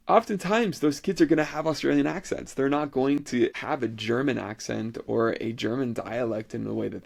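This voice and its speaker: A man's voice: medium pitch, gravelly, a little mellow. An American man in his thirties hosting an educational podcast, talking loosely and often restarting his phrases. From United States. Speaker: podcast host. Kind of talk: solo educational podcast talk.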